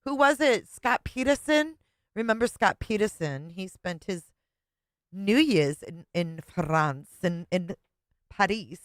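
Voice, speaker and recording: A woman's voice: medium pitch, animated, takes it slowly, no echo. Sarcastic woman hosting live commentary. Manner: sarcastic, blunt, swears casually. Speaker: host. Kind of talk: live commentary over a played clip.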